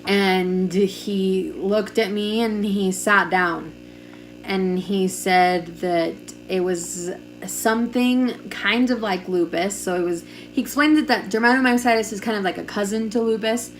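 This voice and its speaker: A woman's voice: mid-range voice, steady tone, measured pace, soft background music. A young woman telling a personal story in a chatty, casual way, full of "like" fillers, recorded on a camera mic at home. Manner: chatty, lots of "like", acts out quoted dialogue. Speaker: vlogger.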